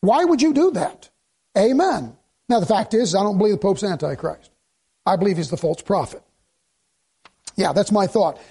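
Gravelly high-voiced male preacher. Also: lively intonation, warm tone. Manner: halting, with frequent restarts and fillers; talks directly to the congregation, posing their questions. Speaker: pastor. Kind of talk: sermon, expository Bible teaching.

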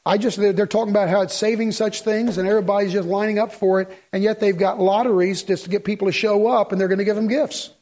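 A man's voice: high voice, steady tone, fast talker, few pauses, a little mellow. A man preaching a sermon to a congregation in a folksy, rambling way with joking asides. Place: church in front of a congregation.

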